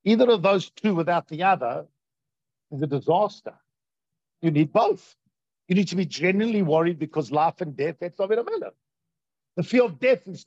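A man teaching a Torah class in a lively way, acting out quoted voices and asking his listeners questions, on a dull lo-fi recording. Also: high voice, moderate pace, long pauses, no room sound.

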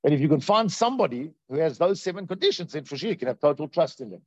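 A man teaching a Torah class in a lively way, acting out quoted voices and asking his listeners questions, on a dull lo-fi recording. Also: a little high, quick pace, no room sound.

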